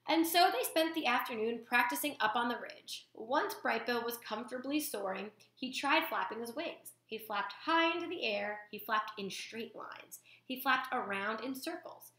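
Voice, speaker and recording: A woman reading a children's novel aloud to young listeners in an expressive storytelling manner. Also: fairly high pitch, normal speed, hardly any pauses, roomy sound. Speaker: storytime reader.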